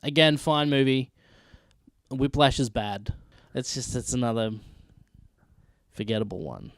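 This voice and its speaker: A man's voice: medium pitch, unhurried, gravelly, pauses often, no echo. A man hosting his own video, ranking films in a blunt, emphatic, profane casual rant. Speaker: vlog host ranking films.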